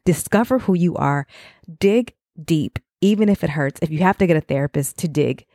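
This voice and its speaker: Low-voiced woman giving casual encouragement. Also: normal speed, dark tone, dry recording, studio quality. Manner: rambling and conversational, checks in with "right?". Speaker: mother speaking to other mothers. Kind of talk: casual motivational talk.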